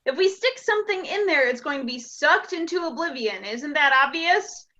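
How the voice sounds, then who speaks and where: A woman's voice: high voice, expressive, normal speed, sharp tone, dull audio. A woman reading the part of a blunt, scornful young woman in a live play reading.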